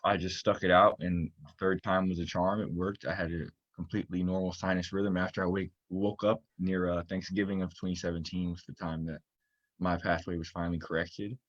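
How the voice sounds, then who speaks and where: A young man from Florida with a very low, deep voice tells his story as a guest in a casual interview. He talks earnestly and rambles with many fillers. The sound is dry and a little dull, as from a lo-fi recording. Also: little pitch movement, fairly quick, no room sound. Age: young adult. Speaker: student-athlete guest.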